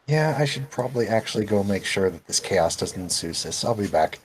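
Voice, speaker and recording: A man with a low voice narrates a tabletop game as game master, relaxed and chuckling. A faint hiss sits behind him. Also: fairly quick, rough recording.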